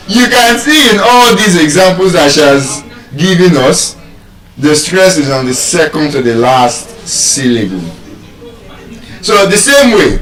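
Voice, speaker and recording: A man's voice: a little high, a bit bright. A man with a Nigerian accent teaching pronunciation in a live lesson, stretching out and repeating example words. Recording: echoey room, far from mic.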